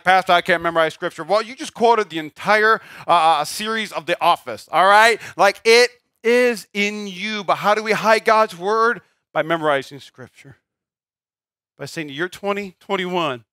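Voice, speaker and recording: High, bright-voiced preaching pastor. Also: male voice, no echo, clean studio sound. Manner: emphatic, swings from loud to quiet. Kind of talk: sermon.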